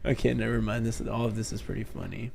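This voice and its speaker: A man's voice: lowish voice, fairly even intonation, fast talker, vocal fry, a little mellow, slightly rough. A male streamer in an old stream recording, reading an online article aloud in a casual drone and stopping to laugh.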